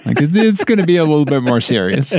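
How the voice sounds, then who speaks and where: A man's voice: fairly high pitch, very animated, quick pace, a little mellow, dry recording. A man co-hosting a casual podcast, joking and rambling with lots of fillers, recorded at home. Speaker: podcast co-host. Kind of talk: casual chat. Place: home blanket fort.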